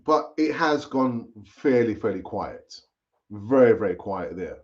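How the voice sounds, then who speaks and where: A man's voice: on the low side, expressive, a little slow, darkish tone. A man hosting a live football fan stream, chatting casually and repeating himself as he urges viewers to comment. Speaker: fan channel host. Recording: dull lo-fi stream audio.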